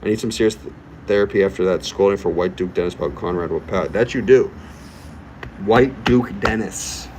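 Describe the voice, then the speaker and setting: A man's voice: sits low, quick pace, darkish tone, a little hiss or hum, poor audio. A young man hosting a casual livestream, reading chat aloud and hyping himself up with playful bits. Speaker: livestream host. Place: current location he names while streaming.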